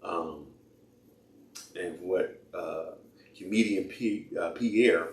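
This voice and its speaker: Man, podcast host, very low voice, rambling, hesitant, lots of fillers, echoey room. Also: slow pace. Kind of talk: casual solo podcast talk. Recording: echoey room, mic at a distance, faint noise.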